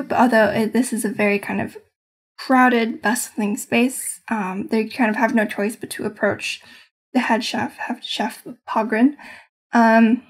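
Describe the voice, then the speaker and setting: A woman's voice: fairly high pitch, breathy edge. A woman game master casually recounting her tabletop session, meandering and hedging as she searches for words.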